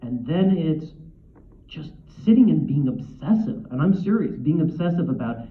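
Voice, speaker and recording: A man in his thirties, a guest author on a convention panel, telling stories in a quick, animated way and often correcting himself mid-sentence. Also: fairly high pitch. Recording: echoey, tinny, from far off.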